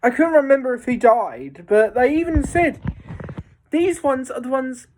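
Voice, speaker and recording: A woman's voice: high-pitched, animated, measured pace, darkish tone, a little hiss or hum. A woman giving a casual, enthusiastic spoken film review, rambling with lots of fillers and restarts.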